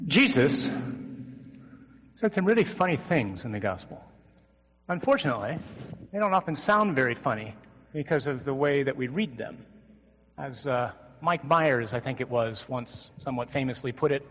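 A priest preaches to a men's conference with humor and energy, sometimes mimicking a flat, droning reader. His voice sits a touch high. A long hall reverb trails behind every phrase. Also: normal speed. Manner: animated, joking, mimics flat gospel readings. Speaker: Catholic priest. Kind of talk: conference sermon.

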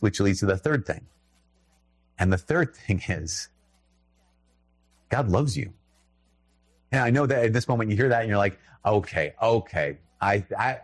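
A man with a husky, fairly low voice and a Minnesotan accent, preaching in a loose, chatty way. He keeps it emphatic and breaks into little laughs. The sound is dry and close. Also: dry recording. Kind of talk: sermon.

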